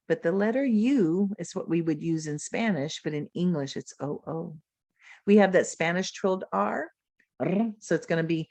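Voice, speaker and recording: A woman's voice: fairly low pitch, expressive, a little mellow, dry recording. Woman lecturer modelling speech sounds. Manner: models speech sounds aloud, slow and deliberate. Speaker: literacy educator presenting a webinar. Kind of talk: webinar lecture. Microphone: video call.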